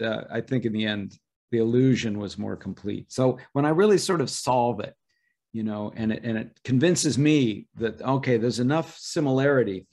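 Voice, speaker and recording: A middle-aged man with a mid-range voice sits for a podcast interview. He explains how he works in a measured, thoughtful way, trailing off and restarting as he builds his answers. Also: mid-range voice, darkish tone. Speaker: voice impressionist guest.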